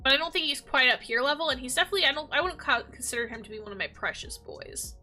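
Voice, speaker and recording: Bubbly high-voiced woman gushing. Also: lively intonation, racing, sharp tone, soft background music. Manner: gushing, rambling with many fillers. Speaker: gaming vlogger. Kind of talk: casual chat.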